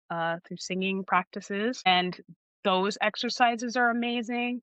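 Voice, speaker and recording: A woman's voice: medium pitch, a bit bright, clear, resonant tone, no room sound, lo-fi sound. Thoughtful woman narrator, dry close sound. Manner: thoughtful, with frequent restarts. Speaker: audiobook narrator, guest. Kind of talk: casual podcast interview.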